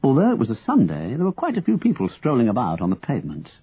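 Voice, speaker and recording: Man narrating a story, lively rising and falling voice, dry tinny phone-like sound. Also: mid-range voice, quick pace, breathy edge, no room sound. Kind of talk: storybook reading.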